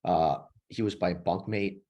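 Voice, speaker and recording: A man in his thirties, a former police officer, telling his story in a podcast interview in a lively, profane way, acting out the dialogue. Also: low-pitched, measured pace. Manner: animated, profane, acts out dialogue. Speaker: guest, nonprofit founder and former police officer.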